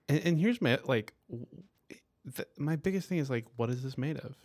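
A man's voice: medium pitch, expressive, moderate pace, darkish tone, no echo, clean studio sound. A man co-hosting a podcast in a casual chat, earnestly laying out his points one by one and stumbling on a word now and then. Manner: earnest, explains points in lists, some stammering. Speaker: podcast co-host.

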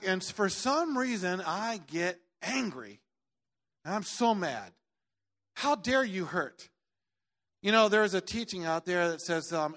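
A middle-aged man preaching in a church, his somewhat high voice leaping from near-shouts down to low, earnest tones. He tells his story with animated energy and drops in the odd joke. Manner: animated storytelling, swinging from loud outbursts to quiet earnest tones; jokey asides. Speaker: pastor. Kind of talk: sermon.

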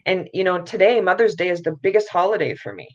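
A woman's voice: lowish voice, animated, quick pace. A middle-aged woman, a mother, candidly telling her story as a podcast guest, open and self-critical, often saying "you know". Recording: dull lo-fi sound.

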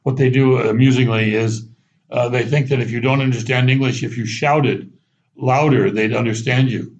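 A man, a guest on a conversational show, telling animated anecdotes with frequent restarts and chuckles. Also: mid-range voice, brisk, lo-fi sound. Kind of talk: conversational storytelling.

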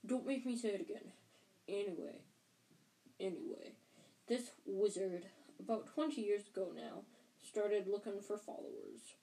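A woman reading a storybook aloud, voicing a huge, gentle male groundskeeper who speaks low, halting and worried. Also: natural voice, low-quality recording. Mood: grave.

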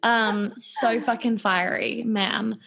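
A woman co-hosting a casual chat, talking fast and scattered, swearing and giggling often. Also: on the high side, fairly even intonation, vocal fry, a bit bright. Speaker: podcast co-host.

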